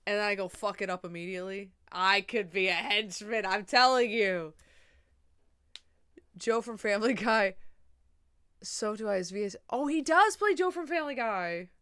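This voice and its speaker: A young woman chatting casually on a livestream, rambling and swearing, a little drunk and high. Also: normal speed, bright, forceful tone, smooth.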